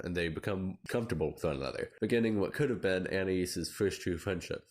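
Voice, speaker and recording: Man, deep low voice, measured analytical narration, scripted video essay. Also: a little mellow.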